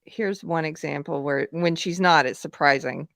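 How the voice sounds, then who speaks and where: Woman, American accent, host, casual chat, lowish pitch, dry recording. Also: moderate pace, gravelly, fairly bright tone, no echo. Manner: conversational, searching for words.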